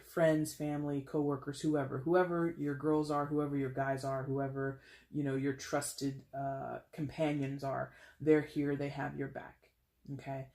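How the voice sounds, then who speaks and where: A woman's voice: deep voice, a little mellow. A woman giving a casual tarot reading, talking in a chatty, rambling way with playful asides and lots of filler words. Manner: chatty and rambling, full of "you know" and "like"; playful asides and quick laughs. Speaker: tarot reader.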